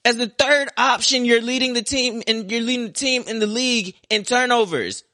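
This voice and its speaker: Young male podcast host, forceful bright voice, profane sarcastic sports rant, dry close sound. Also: very high-pitched, normal speed, no echo. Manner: heated, profane, sarcastic ranting. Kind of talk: ranting sports talk.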